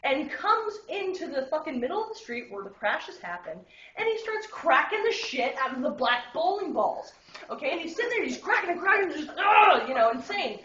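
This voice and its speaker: A woman's voice: sits high, very animated, brisk, bright, forceful tone. A drunk woman telling crude jokes at a party, swearing with lots of fillers and laughing asides. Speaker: joke teller. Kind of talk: casual joke telling at a party. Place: indoor party. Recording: roomy, dull party recording.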